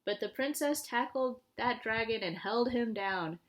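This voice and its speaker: A children's librarian, a woman, reading a picture book aloud in a lively storytime voice and leading sing-song action rhymes. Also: on the high side, measured pace.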